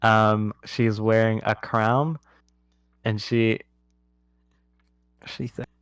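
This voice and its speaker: A laid-back man running a tabletop game, playful and casual. He talks slowly at a middle pitch. His mic sounds close and dry. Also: level tone, fairly bright tone, smooth, dry recording. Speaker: game master.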